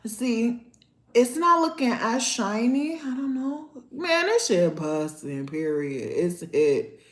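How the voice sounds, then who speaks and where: A woman hosts a casual nail vlog in a fairly high voice. She talks in an excitable, slangy way at an unhurried, drawn-out pace. The sound is roomy and echoey. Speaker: nail vlogger. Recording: roomy, echoey home recording.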